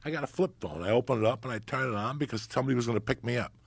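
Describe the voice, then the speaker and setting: A middle-aged man hosting a podcast, telling profane, animated stories in casual chat. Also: medium pitch, rapid-fire, creaky, slightly rough, no room sound. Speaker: podcast host. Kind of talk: storytelling chat.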